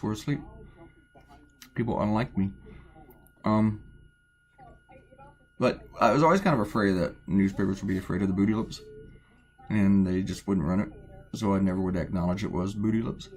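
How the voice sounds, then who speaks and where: Lowish-voiced man rambling while drawing. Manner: chatty, meandering, self-deprecating, lots of fillers; quiet to avoid waking people. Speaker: cartoonist narrating his drawing. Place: at home, drawing early in the morning.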